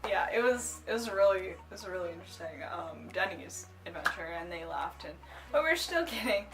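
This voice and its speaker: A woman's voice: fairly low pitch, a little fast. A young woman vlogger telling a casual story, rambling with lots of "like" and "um" and breaking into giggles. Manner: rambling, full of "like" and "um"; giggly, bursts into excited squeals. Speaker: cosplay vlogger.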